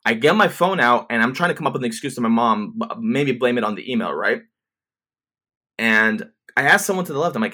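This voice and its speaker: A man's voice: mid-range voice, expressive, bright, forceful tone. A man in his twenties telling a story to camera in a casual, rambling way, with swearing and many restarts. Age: 20s. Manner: fast, rambling, profane retelling with many restarts.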